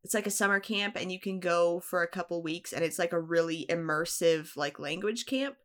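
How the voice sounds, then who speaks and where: A young woman in casual conversation, relaxed and quick to laugh. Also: fairly low pitch. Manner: laughs often, relaxed and unhurried. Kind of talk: casual chat.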